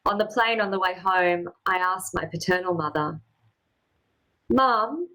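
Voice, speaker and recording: Low-voiced woman telling a poetic story. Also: steady tone, bright, forceful tone, poor audio. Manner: measured, poetic, deliberate delivery. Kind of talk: spoken-word personal storytelling.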